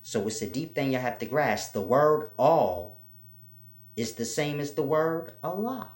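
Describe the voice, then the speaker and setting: Man teaching slowly in an echoey room. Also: mid-range voice, lively intonation. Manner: slow, repetitive, spells out letters for emphasis. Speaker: spiritual teacher. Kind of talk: informal spiritual teaching monologue. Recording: roomy echo.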